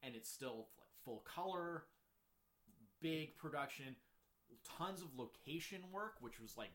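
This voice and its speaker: A man co-hosting a casual film chat, rambling with many fillers and jumping up in pitch when he gets excited. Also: unhurried. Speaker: co-host ranking films.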